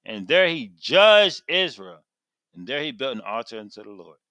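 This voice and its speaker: A man giving an animated Bible teaching, reading verses and retelling them emphatically in casual everyday speech. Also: medium pitch, moderate pace, no echo, clean studio sound.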